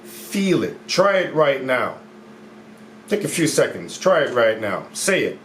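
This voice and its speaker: A man talking to camera as a mindset coach in a casual, upbeat way, repeating his phrases and stretching key words slowly. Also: medium pitch, big pitch swings. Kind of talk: casual motivational talk to camera. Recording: echoey room with faint background noise.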